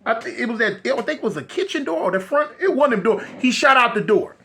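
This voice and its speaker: A middle-aged man telling a story in a casual, animated way, acting out the voices of the people in it. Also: very high-pitched, quick pace, creaky. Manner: animated, acts out voices, repeats and restarts.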